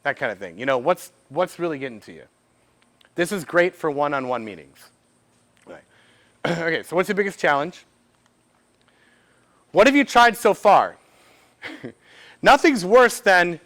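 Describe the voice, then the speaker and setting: A man, giving a lively workshop talk to a live audience, acting out short bits of dialogue and asking the room questions. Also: fairly high pitch, a little slow, long pauses. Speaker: speaker at a business event. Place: event room before an audience.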